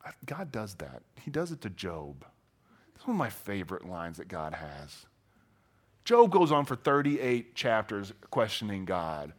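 A man's voice: fairly low pitch, a little slow. A man preaching a sermon in a casual, conversational way, telling stories and acting out the voices of the people in them. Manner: animated storytelling, acts out voices. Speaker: pastor.

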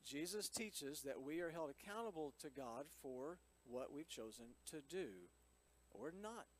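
A man's voice: on the high side, expressive, unhurried, slight background noise, low-quality recording. A man reading scripture aloud and explaining it in a chatty teaching style, with frequent asides to his listeners. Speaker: Bible teacher.

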